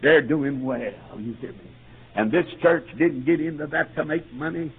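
Preacher guy in his 60s, husky, kinda high voice, hollers with that "uh" rhythm, tinny old radio sound. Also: normal speed. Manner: rises to shouting, preaching cadence with repeated "uh". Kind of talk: sermon.

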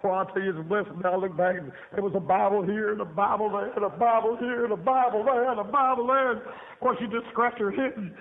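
A man's voice: sits high, quick pace. A man preacher telling his testimony in a folksy, emphatic way, laughing often and repeating phrases, heard on a tinny broadcast. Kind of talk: sermon testimony storytelling. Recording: tinny phone-like radio broadcast.

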